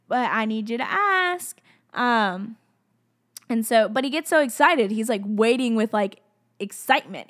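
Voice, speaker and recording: A woman's voice: a little high, moderate pace. A young woman talking casually about her faith, rambling and giggly with lots of fillers. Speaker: faith podcaster. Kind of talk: casual devotional chat.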